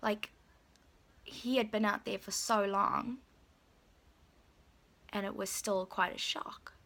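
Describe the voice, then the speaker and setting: A woman's voice: mid-range voice, steady tone, takes it slowly, bright, forceful tone. A woman telling a personal story in a chatty vlog, full of "like" and "you know". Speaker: vlogger.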